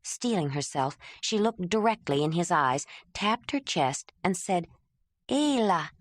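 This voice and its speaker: A woman narrating an audiobook in a measured, even tone. Her voice sits on the low side and sounds dry and close to the mic. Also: dry recording. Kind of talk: scripted narration.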